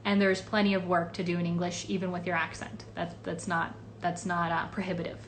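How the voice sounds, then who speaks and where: A woman's voice: fairly low pitch, flat delivery, a little fast, a little hiss or hum. A woman voice actress answering fan questions in a casual livestream, chatty and rambling with many fillers. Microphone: phone or webcam livestream.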